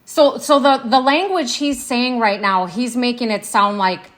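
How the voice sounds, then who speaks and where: A woman's voice: fairly high pitch, unhurried, fairly bright tone. Woman recounting an incident, conversational. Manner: conversational, with restarts and quoted speech. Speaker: interviewee. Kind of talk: recounting events while watching footage.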